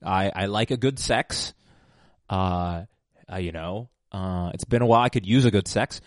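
A man's voice: low voice, normal speed, no echo, clean studio sound. A man hosting a casual rambling monologue, digressive and self-mocking, with many fillers and restarts. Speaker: podcast host.

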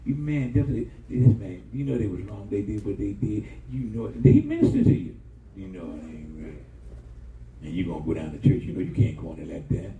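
A man's voice: on the low side, a little fast, creaky, a little hiss or hum. An older man preaching a sermon as pastor, colloquial and emphatic, with call-and-response lines to the congregation. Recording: echoey room with loud guitar music.

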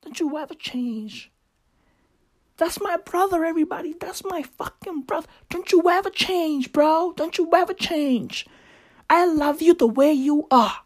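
A woman voicing a dictator's doting younger sister, who speaks in a hushed, adoring whisper from the background. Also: extremely high pitch, a little slow, voice pushed up.

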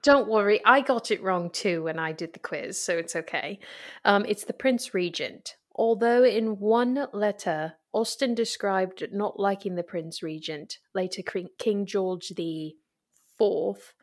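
A woman's voice: medium pitch, a little slow. A woman hosting a casual podcast chat, playful, reading out quiz questions. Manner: chatty, playful, laughs often. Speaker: podcast host.

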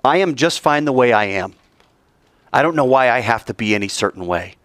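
A man's voice: mid-range voice, expressive, fairly quick, fairly bright tone, no room sound, natural voice. A man voicing Cain as a smug, arrogant young man, dismissive and self-satisfied.

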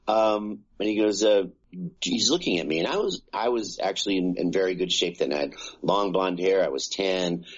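A man's voice: low voice, animated, moderate pace, slightly rough, lo-fi sound. A man in his sixties, an actor telling a rambling anecdote in an interview, full of fillers and acted-out voices. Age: 60s. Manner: rambling, many fillers, acts out quoted voices. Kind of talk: casual anecdotal storytelling.

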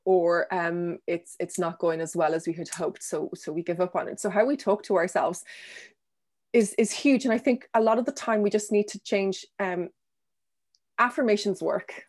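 A woman with a fairly low voice is a guest speaker answering interview questions about self-compassion. She responds gently and thoughtfully, pausing with ums and restarting her sentences.

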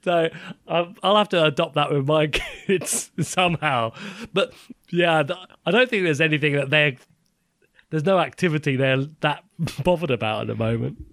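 A man's voice: a little high, normal speed, fairly bright tone, no room sound, studio quality. A man with a posh-sounding British accent, co-hosting a podcast with playful, teasing banter. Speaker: podcast co-host. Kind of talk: casual chat.

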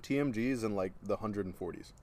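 A man's voice: on the low side, a little mellow. A young man co-hosting a podcast, chatting casually with lots of fillers, often talking while he eats. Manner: talks while eating, with many fillers and pauses. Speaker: podcast co-host. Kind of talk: casual chat.

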